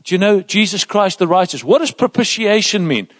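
A man preaching a sermon in a church, emphatic and lively, dropping into soft asides. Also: sits high, a little fast. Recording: reverberant church hall.

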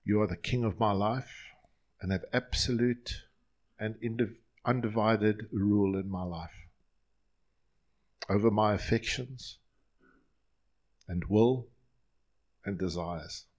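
A man's voice: fairly low pitch, slow pace, pauses often. A male pastor leading his congregation in an earnest, line-by-line prayer during a sermon in a church.

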